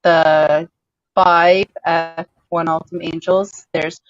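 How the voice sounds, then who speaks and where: A woman's voice: low voice, flat delivery, slow pace, muffled recording, faint music behind. Chatty woman with a slight New York accent. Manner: chatty, laughs often. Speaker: host. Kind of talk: casual group chat.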